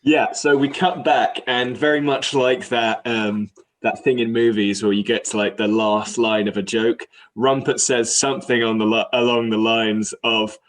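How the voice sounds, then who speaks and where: A man's voice: mid-range voice, fairly even intonation, normal speed. A man playing a tabletop game, narrating his character's actions with comic timing. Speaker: player.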